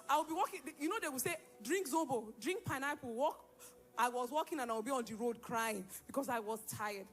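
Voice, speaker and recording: Woman giving a lively testimony. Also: sits high, a little fast. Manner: lively storytelling, acts out quoted dialogue. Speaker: church member giving testimony. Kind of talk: spoken testimony.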